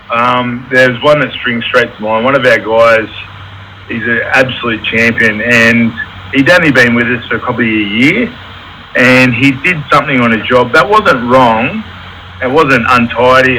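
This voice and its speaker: A man's voice: medium pitch, moderate pace, noisy background. A man, an electrical contractor telling candid stories about running his business in a casual interview. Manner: candid, storytelling with reenacted quotes.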